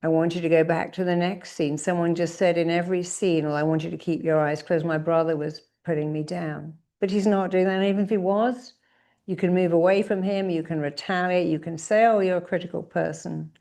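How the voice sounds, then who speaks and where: A middle-aged woman leading a guided therapy exercise, directing listeners and calling out affirmations slowly and with force. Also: lowish voice, fairly even intonation, mellow. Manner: commanding, drawn-out affirmations called out with emphasis.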